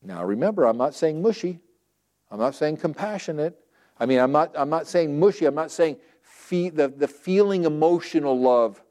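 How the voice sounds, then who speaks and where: Man preaching, mellow warm voice, chatty, keeps restarting lines and acting out what people say. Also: a little high, animated, moderate pace. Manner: conversational preaching, acts out quoted prayers and objections; repeats and restarts phrases. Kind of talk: sermon.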